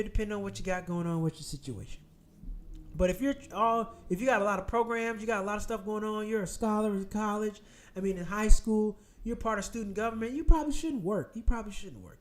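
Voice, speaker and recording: Blunt, emphatic male host, higher pitch, repetitive casual commentary. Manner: emphatic, repeats phrases, blunt and profane.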